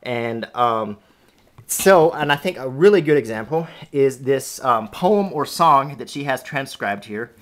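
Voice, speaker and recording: A man's voice: mid-range voice, expressive, unhurried. A man from Alabama with a faint Southern accent, chatting casually to his camera at home as he tells family stories. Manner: conversational, amused, storytelling. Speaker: host showing family scrapbook. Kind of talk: casual vlog narration. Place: at home indoors, cats around.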